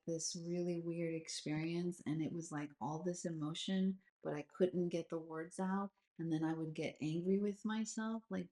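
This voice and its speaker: A woman in her forties talks candidly on a live video call, her voice sitting low. She rambles along with plenty of filler words and drifts from one thought to the next in a loose, chatty way. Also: darkish tone. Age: 40s. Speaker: host of a live astrology session. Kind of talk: casual live-stream chat.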